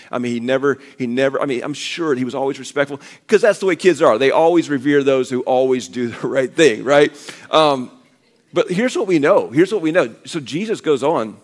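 A middle-aged man preaching a sermon as pastor, conversational and animated, acting out quoted voices. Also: a little high.

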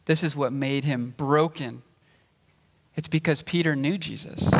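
A man preaching at an unhurried pace, his voice sitting a little high for a man. He works through scripture verse by verse in a measured, explanatory way, and the church hall around him rings with a long reverb. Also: creaky. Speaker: pastor. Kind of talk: sermon. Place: church sanctuary.

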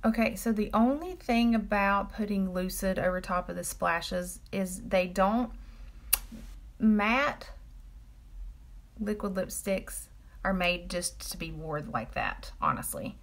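A woman's voice: mid-range voice, slow. A woman chatting casually with viewers on a live stream while she applies makeup and talks about the products. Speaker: makeup seller doing a live demo.

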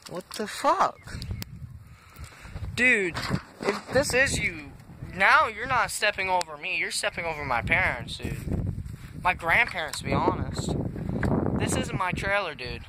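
A man's voice: high-pitched, lively intonation, a little slow, long pauses. A young man vlogging in an exasperated, swearing rant, saying dude a lot, his voice cracking. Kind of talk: casual vlog rant. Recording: noisy home-made recording.

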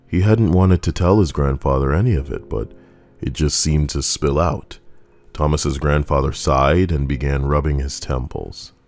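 A man giving a measured, scripted narration of a horror story. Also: a bass voice, darkish tone, faint music behind.

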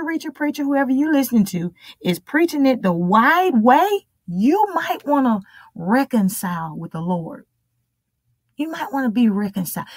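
A woman's voice: on the high side, a little mellow, no echo. Emphatic woman preaching a sermon. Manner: emphatic, repetitive preaching with drawn-out phrases.

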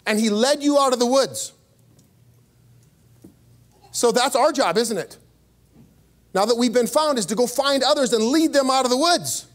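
A man preaching a sermon as pastor, telling stories with sudden jumps in pitch and small laughs along the way. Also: animated, normal speed, long pauses. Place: church.

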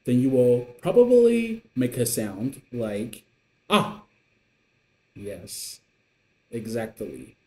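A man gives a slow, patient beginner Mandarin lesson online in English, encouraging his learners. His dark-toned, expressive voice swings up and down in pitch to demonstrate the tones, and the room sounds echoey.

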